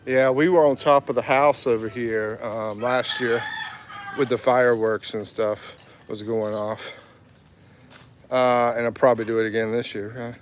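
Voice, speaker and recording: A man's voice: medium pitch, fairly even intonation, unhurried, a little hiss or hum. A man on a casual live walking vlog, chatting, reading viewer comments aloud and laughing often. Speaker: livestream vlogger. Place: outdoors in a town.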